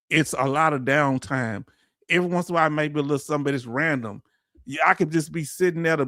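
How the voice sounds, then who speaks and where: A middle-aged man with a drawl holds forth on his livestream, blunt and impassioned as he answers his chat. His voice sits fairly high for a man. The sound is dry and close, with no room echo. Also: a bit bright. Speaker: veteran livestream host. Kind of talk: casual livestream rant.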